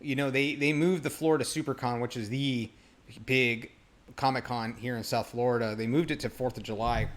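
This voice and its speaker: A man in an easygoing co-host chat, with a voice of middling pitch. He is encouraging and relaxed and tags his lines with "man". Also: normal speed. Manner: encouraging, says "man" often. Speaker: podcast co-host. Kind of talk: casual chat.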